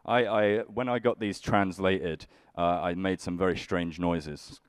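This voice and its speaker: A man's voice: deep voice, steady tone, unhurried, clear, resonant tone, no room sound. A young man doing live stand-up comedy, grumpily bantering with the audience in a dry way. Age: young adult. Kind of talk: live stand-up with crowd work.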